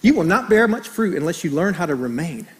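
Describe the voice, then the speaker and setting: A middle-aged man preaching a sermon as pastor, animated and storytelling, joking with the congregation. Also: a little high, a little fast.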